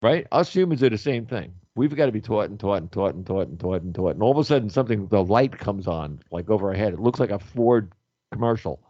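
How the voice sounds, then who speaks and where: A man talking loudly and animatedly on a radio show, telling stories and acting out what others said. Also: lowish voice, fast, no room sound, dull audio. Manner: loud, animated storyteller who acts out quotes. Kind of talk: casual radio chat.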